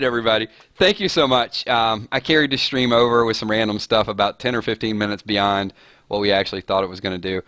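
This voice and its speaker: A man's voice: fairly low pitch, fairly even intonation, fast talker, fairly bright tone, no echo. A man hosting a casual live-stream chat, rambling and chuckling as he talks. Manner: rambling, chuckling, self-deprecating. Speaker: host.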